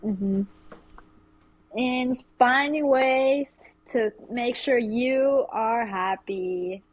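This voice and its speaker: A woman guest in a relaxed podcast chat who speaks very slowly, with a slightly high voice. Her answers are brief and halting, with pauses and fillers between them. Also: slightly rough, highs cut off. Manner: brief, slow, hesitant answers. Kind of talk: casual chat.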